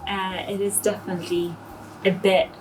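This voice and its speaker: A woman's voice: mid-range voice, level tone, moderate pace, darkish tone, a little hiss or hum, rough recording. A woman chatting casually as a guest, thinking aloud and reflecting as she talks. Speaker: guest fragrance reviewer. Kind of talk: casual conversation.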